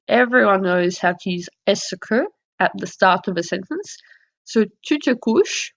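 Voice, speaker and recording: A woman's voice: medium pitch, vocal fry. A woman teaching a lesson over slides, explaining patiently and modelling example phrases. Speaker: French teacher. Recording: dull lo-fi audio.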